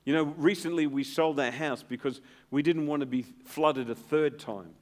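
Preaching at a moderate pace, a middle-aged pastor speaks in a fairly high voice. His sermon is earnest and emphatic, softening to a hush when he offers reassurance.

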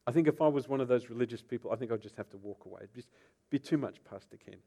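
A man preaching a sermon, retelling scripture dramatically and swinging between soft, low passages and loud outbursts. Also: rapid-fire, vocal fry.

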